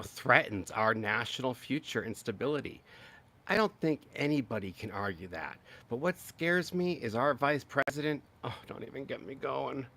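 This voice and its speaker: A man hosting a live-stream political commentary, talking in an animated, exclaiming way and mocking others with high-pitched impressions. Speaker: political commentary channel host.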